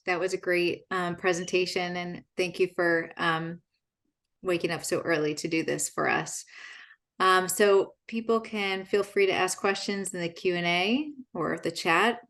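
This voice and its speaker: A woman moderating a webinar Q&A over a video call, friendly and pausing often with "um". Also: fairly low pitch, fairly bright tone.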